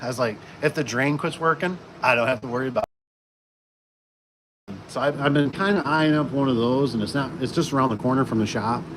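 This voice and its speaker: A man in the middle of his pitch range talks through a casual livestream, rambling and circling back with fillers and restarts. Behind him an air conditioner hums and vehicles pass, so the recording is noisy throughout. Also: fairly quick, a bit bright. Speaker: garage door installer hosting a livestream.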